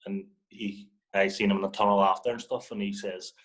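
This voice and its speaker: A man's voice: lowish voice, brisk, low-quality recording. A young man, a football guest telling a story in casual chat, swearing and acting out what others said. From Northern Ireland. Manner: animated, swears, acts out other people's lines.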